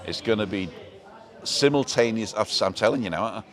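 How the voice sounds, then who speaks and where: A man's voice: on the low side, lively intonation, normal speed, fairly bright tone. A middle-aged man, hosting a live show in a rambling, jokey, self-interrupting chat. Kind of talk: casual chat.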